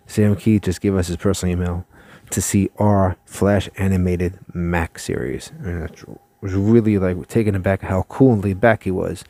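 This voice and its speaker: A man hosting his own channel, telling a personal story in a chatty, animated way and laughing often. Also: deep voice, moderate pace, dry recording. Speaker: channel host. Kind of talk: casual storytelling to camera.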